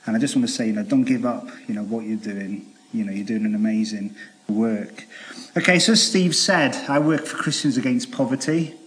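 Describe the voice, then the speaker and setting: Welsh man, thirties, earnest speaker telling his story to a church crowd, halting delivery. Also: mid-range voice. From Wales. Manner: earnest, halting with frequent fillers and restarts. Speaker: charity debt worker giving testimony. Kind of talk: testimony talk to a church audience.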